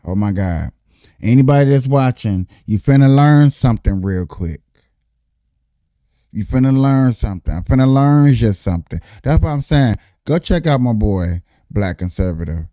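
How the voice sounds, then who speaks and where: A man hosting a reaction show, talking in animated, slangy commentary full of swearing and repetition. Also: fairly low pitch, unhurried, no room sound, studio quality. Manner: animated, slangy, profane, repeats himself. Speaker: host.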